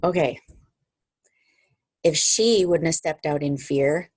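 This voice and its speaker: Upbeat middle-aged woman, low voice, dry video-call sound, pep-talking her sales team. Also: slow pace, a little mellow, slightly rough, dry recording. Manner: upbeat, encouraging, chatty with asides.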